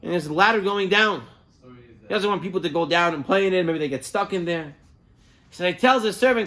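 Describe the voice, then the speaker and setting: Animated, high-voiced rabbi preaching. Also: male voice, a little fast. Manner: animated storytelling, sprinkles Hebrew terms. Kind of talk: sermon.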